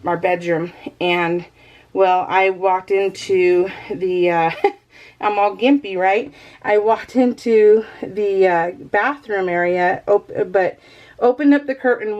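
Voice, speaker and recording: A woman's voice: mid-range voice, a little mellow, lo-fi sound. A middle-aged woman talks casually to her viewers from home. She rambles and restarts her sentences and often laughs as she goes. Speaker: crafting vlogger. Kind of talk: casual chat.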